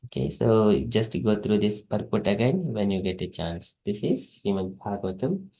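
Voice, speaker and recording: Guy running a scripture class, kinda low voice, stops and restarts a lot. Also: lively intonation, dark tone. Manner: halting, with restarts and repetitions.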